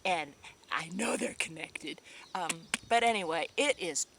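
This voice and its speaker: A woman's voice: fairly low pitch, unhurried, noisy background. A sad, subdued woman vlogger chatting casually to her viewers, rambling and emotional, with sighs and restarts. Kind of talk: casual chat to camera.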